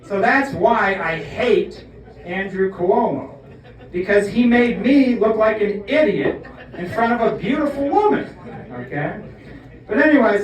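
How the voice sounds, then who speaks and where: A man telling a comic story with mock earnestness, often tagging lines with "okay?". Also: high-pitched. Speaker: comedian. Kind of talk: comedic storytelling monologue. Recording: echoey room, far from the mic.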